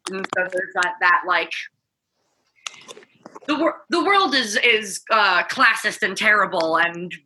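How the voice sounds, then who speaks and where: Bright-voiced woman rambling with fillers. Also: medium pitch, animated, slow, long pauses, a little hiss or hum, rough recording. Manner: rambling, many fillers like "like" and "you know". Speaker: panelist. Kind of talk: casual roundtable chat.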